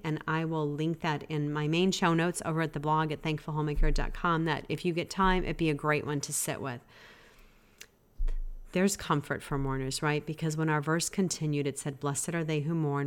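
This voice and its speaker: Woman, low voice, podcast host, devotional teaching, earnest, gently exhorting. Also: fairly even intonation, normal speed, smooth.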